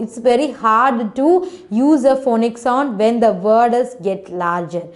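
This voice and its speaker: A woman with a higher-leaning voice teaches phonics online to children, speaking at a measured pace with hardly any pauses. She patiently sounds out words and syllables letter by letter, repeats herself, and keeps saying "okay."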